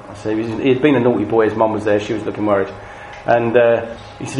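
A British man leading a training session for Christian youth workers, talking in a lively, animated storytelling way. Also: on the low side, fast talker, few pauses, slight background noise. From Britain. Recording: echoey room, faint ambience.

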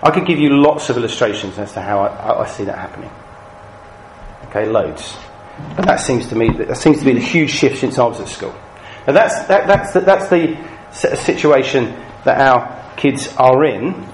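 Lively British man teaching in an echoey room. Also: mid-range voice, normal speed, a little hiss or hum. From Britain. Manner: lively, animated storyteller. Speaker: Christian youth worker trainer. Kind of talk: training session talk. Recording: echoey room, faint ambience.

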